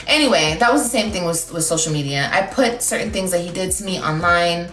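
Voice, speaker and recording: A woman pours her story out to her livestream viewers in a low voice, looping back and stacking "like" fillers as she gets worked up. She talks into a phone in an echoey room, with faint music underneath. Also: lively intonation, fairly quick, few pauses, a bit bright. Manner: rambling, emotional, heavy with "like" fillers. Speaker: TikTok livestreamer. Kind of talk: casual livestream talk to viewers.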